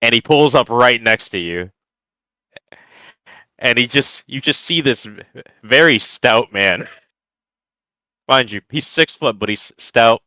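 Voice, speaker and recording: A man's voice: medium pitch, lively intonation, slow, pauses often, sharp tone, dry recording, poor audio. A man playing a tabletop game, describing his character with amusement. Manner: amused, with frequent laughs. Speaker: player.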